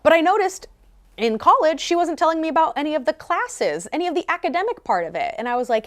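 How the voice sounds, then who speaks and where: A woman's voice: sits high, fast. Candid woman telling a personal story. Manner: animated, candid, conversational. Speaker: vlogger.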